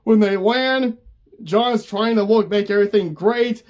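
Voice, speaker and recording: A man's voice: sits high, unhurried, darkish tone, muffled recording. A man casually recapping an old cartoon special, laughing often as he talks. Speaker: cartoon reviewer.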